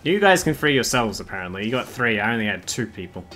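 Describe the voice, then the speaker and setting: Bright-voiced joking male streamer. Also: fairly low pitch, very animated, fast talker, soft background music. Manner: joking, sarcastic, laughs often, swears. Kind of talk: casual gameplay commentary.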